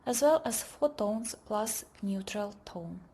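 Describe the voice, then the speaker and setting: A woman narrating a pronunciation lesson in a measured, deliberate way, often trailing off into a whisper. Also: mid-range voice, lively intonation, dark tone. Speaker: language teacher. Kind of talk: slow scripted lesson narration.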